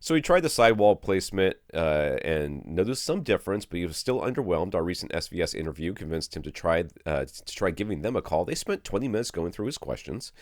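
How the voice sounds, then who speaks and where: A man's voice: low voice, sing-song, fairly quick, few pauses, no echo, studio quality. A man hosting a podcast in a sleepy, rambling, casual way, with a chuckle here and there. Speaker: podcast host.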